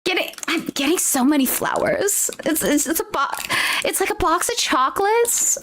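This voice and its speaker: A woman's voice: very high voice, moderate pace, slight background noise. A woman streamer chatting casually on a livestream while unboxing merch. She gushes and exclaims often. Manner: gushing, excitable, exclaims often.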